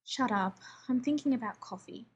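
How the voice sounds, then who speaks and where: A woman's voice: a little high, normal speed, husky, dull audio. A woman voicing a grumpy, demanding male scientist who talks in a snappish, sarcastic way, read as part of a story.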